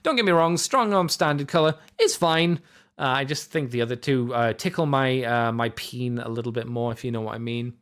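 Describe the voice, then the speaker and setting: A man's voice: medium pitch, fairly quick, a bit bright. A man hosting a podcast, chatting casually through a toy review with many fillers, self-corrections and offhand jokes. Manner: jokey, offhand asides. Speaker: podcast host.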